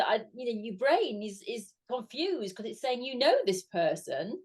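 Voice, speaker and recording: A middle-aged British woman co-hosting a casual chat, telling an animated anecdote. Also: on the high side, normal speed, husky. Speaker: co-host.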